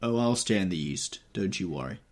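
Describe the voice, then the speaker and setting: A man's voice: low voice, expressive, brisk. A man playing a blunt, domineering rich man. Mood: curt. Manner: curt, forceful, decisive.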